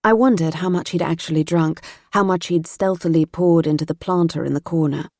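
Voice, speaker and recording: This is a woman's audiobook narration, paced evenly in a measured storytelling style. Her pitch is fairly low, and the studio audio is clean and free of echo.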